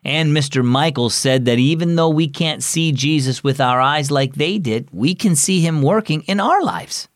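A man's voice: a little high, moderate pace, hardly any pauses, no echo, clean studio sound, natural voice. A man voicing an eager, cheerful young boy in a children's storybook, talking earnestly. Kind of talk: storybook character voice.

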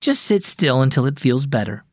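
A gentle, thoughtful mother, read by a man, soothing and calm, her voice rising and falling a lot. The read is dry and close, with faint music behind it. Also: mid-range voice, moderate pace, no room sound.

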